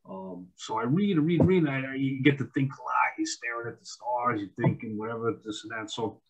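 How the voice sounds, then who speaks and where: A man's voice: mid-range voice, brisk, breathy edge, muffled recording. A man, a wildlife photographer and author, telling stories in a casual interview, rambling and repeating his words. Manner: rambling, repeats words, acts out quoted dialogue.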